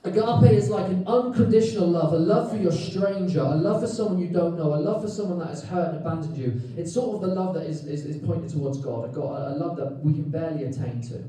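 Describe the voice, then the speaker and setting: A man with a Welsh accent preaching a sermon, telling the story lively with jokes and acted-out quotes, recorded in a church hall. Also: fairly high pitch, fairly quick, hardly any pauses. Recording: echoey hall, mic at a distance.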